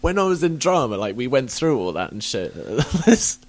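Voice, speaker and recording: A man's voice: mid-range voice, very animated, normal speed. A man from England hosting a podcast, chatting casually, swearing a lot and laughing often. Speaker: podcast host. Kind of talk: casual chat.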